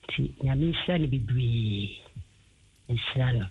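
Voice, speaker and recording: A man phoning in to a radio show, his voice husky and a little breathy. He talks haltingly, circling back to repeat his words. The line is dull and muffled. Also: mid-range voice. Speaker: phone-in caller. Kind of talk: casual phone call.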